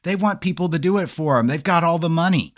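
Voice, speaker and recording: A man's voice: a little high, quick pace, pitched above the performer's own voice, lightly acted. A man voicing an eager young boy who offers to do odd jobs, in chipper old-fashioned kid talk.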